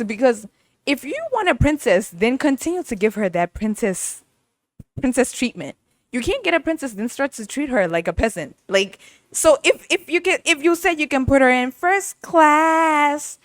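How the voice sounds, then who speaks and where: A young woman hosting a casual music podcast, animated, laughing often and mimicking voices as she talks. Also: on the high side, no room sound, clean studio sound. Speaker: podcast host.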